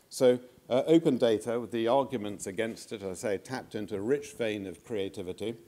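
An older man giving a conference speech as a former government minister, measured and anecdotal, with frequent hesitations. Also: fairly low pitch, a little mellow.

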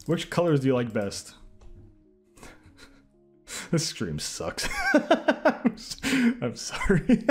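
A man streaming himself taking online quizzes, reacting out loud with sarcastic, self-mocking commentary. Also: medium pitch.

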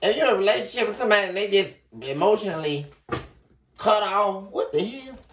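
A woman giving a casual tarot reading, talking straight to the viewer in an animated way and swearing freely. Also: medium pitch, fairly quick. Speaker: tarot reader. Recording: echoey room from far off, faint noise.

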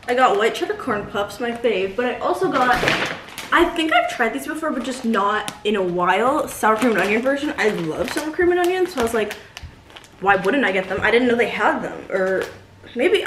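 A bubbly young woman chatting to her phone camera in a casual vlog. Her talk is loose and full of filler words. Noticeable noise sits under the recording. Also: fairly high pitch. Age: young adult. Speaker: vlogger.

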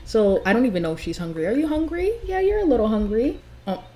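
Young woman, gaming commentary, bubbly and gushing, voice on the higher side but soft and mellow in tone. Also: quick pace. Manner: gushing, excitable, high swoops on exclamations. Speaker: gameplay commentator. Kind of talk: casual game commentary.

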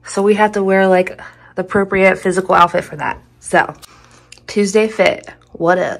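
A woman's voice: mid-range voice, fairly even intonation, normal speed, creaky. A woman talking casually to camera in a day-in-my-life vlog, chatty and blunt, swearing freely. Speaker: vlogger.

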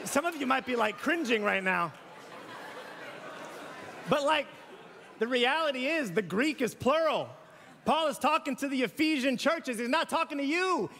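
High-voiced preacher in a hall. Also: male voice. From US South. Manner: animated and conversational, playful asides. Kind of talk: sermon. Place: church sanctuary. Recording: church hall with long reverb.

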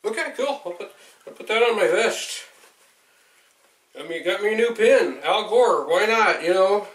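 A man opening a box of gifts on camera, excitable and swearing often, his voice jumping up when something thrills him. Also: sits high, measured pace, echoey room, recorded from a distance. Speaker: vlogger opening a fan mail box. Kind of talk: excited unboxing vlog.

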